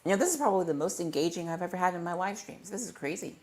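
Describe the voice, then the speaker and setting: A man's voice: high-pitched, lively intonation, rapid-fire, darkish tone. A man hosting a casual livestream Q&A into a desk microphone, rambling playfully and tripping over his words as he corrects himself. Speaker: livestream host.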